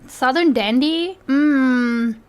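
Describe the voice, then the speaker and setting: A woman streamer with a high voice chats loosely while reacting to clips. She thinks out loud and swears freely in casual live-stream talk. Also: drawn-out words, clean tone. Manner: chatty and profane, thinking aloud.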